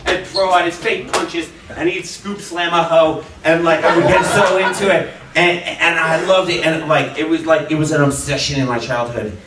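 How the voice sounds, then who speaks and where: A man's voice: on the high side, steady tone, moderate pace, hardly any pauses. A man doing a stand-up comedy set, telling a rambling story full of fillers and laughs. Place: small comedy venue with a live audience. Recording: echoey room heard from far off, audience noise. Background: audience laughter.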